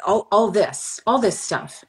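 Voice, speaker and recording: A woman's voice: medium pitch, expressive, unhurried. Chatty, self-mocking woman podcast host. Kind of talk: casual interview chat.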